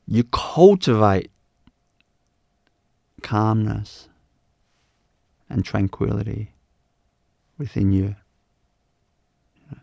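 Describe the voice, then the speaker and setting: A man giving a live spiritual talk as teacher, unhurried and repeating his phrases with many "you know"s. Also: on the low side, creaky, dark tone, no room sound, clean studio sound.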